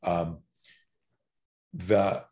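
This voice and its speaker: Man, fairly low voice, fight coach, casual talk, animated storytelling, swears, restarts sentences. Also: extremely slow. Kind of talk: casual podcast conversation.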